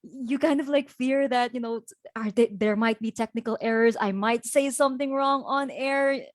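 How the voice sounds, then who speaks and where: Guest, young woman from the Philippines, higher voice, chatty, dry video-call sound. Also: normal speed, no echo. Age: young adult. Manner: chatty, many fillers, laughs. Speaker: guest speaker. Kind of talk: casual interview chat.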